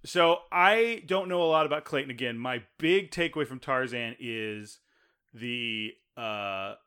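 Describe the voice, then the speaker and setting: A man's voice: medium pitch, unhurried, bright, forceful tone, clear, resonant tone. A man co-hosting a casual movie podcast, chatty and going off on tangents. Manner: chatty, tangents, laughs often. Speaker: podcast co-host. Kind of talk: casual chat.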